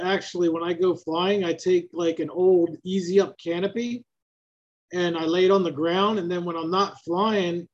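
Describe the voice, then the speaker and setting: A man's voice: fairly high pitch, slight background noise. A man chatting casually on a podcast, rambling with lots of fillers, heard over dull lo-fi call audio. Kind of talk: casual chat.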